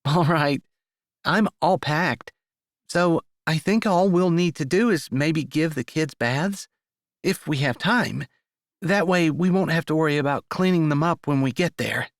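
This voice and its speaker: A man voicing a gentle young single mother in an audiobook, with a lilting, lifted reading. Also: fairly high pitch, a little slow, dry recording, clean studio sound, pitched above the performer's own voice. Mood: warm, practical.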